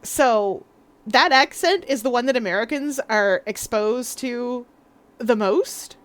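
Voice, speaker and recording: A woman's voice: on the high side, slow pace. A young woman from the Maritimes, chatting casually on a live stream, giggling often and rambling through asides. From Canadian Maritimes. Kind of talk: casual live-stream chat while gaming.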